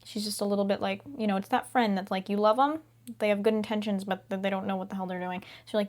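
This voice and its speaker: A woman's voice: medium pitch, fairly even intonation, fast, darkish tone. A young woman hosting a casual self-help talk, chatty and upbeat, laughing often and sometimes dropping to a whisper. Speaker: podcast host.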